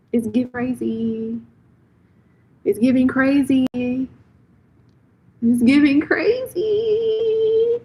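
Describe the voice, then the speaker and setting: A woman's voice: medium pitch, a little mellow, slightly rough, poor audio. A young woman reading tarot on a live stream, talking casually and bluntly, repeating phrases as she vents to a viewer.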